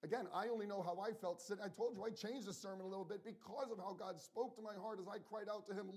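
A man's voice: high-pitched, fast talker, hardly any pauses, darkish tone, breathy edge. Earnest man preaching a sermon. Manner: earnest, personal and conversational, addresses the congregation directly.

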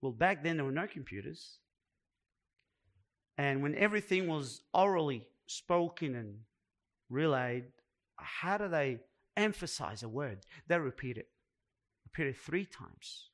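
Slow, high-voiced preacher. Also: male voice, lively intonation. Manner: emphatic preaching, repeats words for weight. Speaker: pastor. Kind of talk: sermon.

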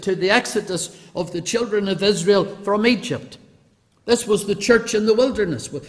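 High-voiced preacher, reverberant hall. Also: male voice. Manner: earnest, emphatic, slowing on scripture quotes. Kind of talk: sermon.

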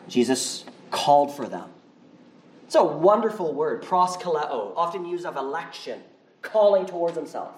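A male pastor preaching a sermon in a church, conversational and animated. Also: fairly high pitch, measured pace. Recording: roomy, from far off the mic.

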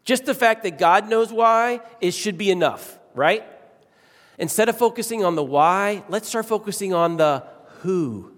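This middle-aged pastor's voice sits high and sounds a bit bright, expressive and unhurried as he preaches in a church sanctuary. He stresses key phrases through repetition and shifts his pace and volume, with long reverb from the hall.

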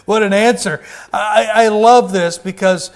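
A man's voice: high voice, slow pace. A man preaching a sermon with fervor, calling out to the congregation and often restarting his sentences. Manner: fervent, calls out to the congregation, many restarts.

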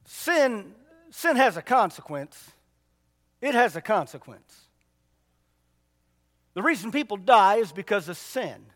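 Male pastor, unusually high pitch, folksy repetitive preaching, reverberant hall. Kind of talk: sermon. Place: church.

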